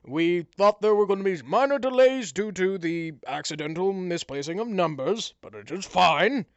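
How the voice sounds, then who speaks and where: A man voicing a scheming male town mayor who is secretly a disguised monster, with a low, hushed, menacing way of talking. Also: expressive, normal speed, dry recording, lo-fi sound. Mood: pompous announcing.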